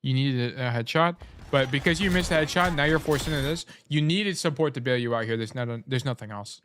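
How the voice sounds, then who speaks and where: Male game coach, mid-pitch, casual and blunt, swears a lot, talks while snacking. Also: a little fast, background noise. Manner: blunt, swears freely, corrects himself often. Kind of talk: casual gameplay review coaching.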